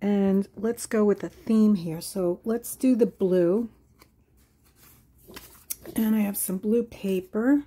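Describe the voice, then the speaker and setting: A woman hosting a casual crafting tutorial, musing aloud at an unhurried pace as she works and sometimes dropping into soft whispers. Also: mid-range voice, husky. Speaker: crafting channel host. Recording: faint background noise.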